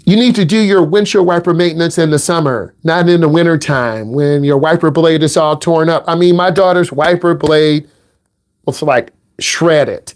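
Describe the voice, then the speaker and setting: Middle-aged midwest guy teaching driving, kinda high voice, blunt and teasing. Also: normal speed. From American Midwest. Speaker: driving instructor. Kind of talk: casual instructional talk.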